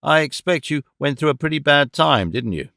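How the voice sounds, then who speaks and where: A man's voice: a little high, lively intonation, normal speed, creaky, pushed and bright, no room sound, studio quality, full character voice. A man voicing a good-natured middle-aged police inspector who talks in a blunt, homely, colloquial way. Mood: kindly.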